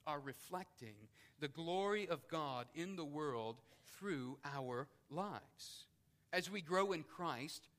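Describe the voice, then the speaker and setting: Bright, high-voiced preacher man. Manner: preaching with rising emphasis and repeated phrases. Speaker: pastor. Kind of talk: sermon.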